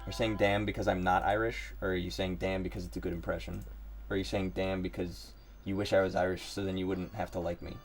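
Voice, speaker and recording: A man's voice: deep voice, flat delivery, quick pace, faint music behind. A man from Ohio chatting casually on a live stream, rambling and joking as he works. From Ohio, United States. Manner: rambling, joking, talks to himself. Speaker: livestreaming artist.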